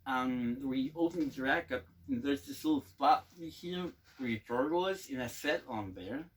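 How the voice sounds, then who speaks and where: A man's voice: mid-range voice, normal speed. Young man, casual storytime, rambling, laughing, swearing. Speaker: navy veteran telling stories.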